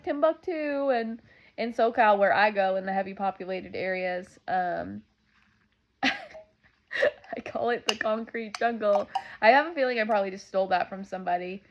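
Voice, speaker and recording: A woman's voice: medium pitch, animated, brisk, lo-fi sound. A woman from Southern California, chatting casually to the camera at home while she packs, rambling with lots of "like" and "um.". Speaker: vlogger.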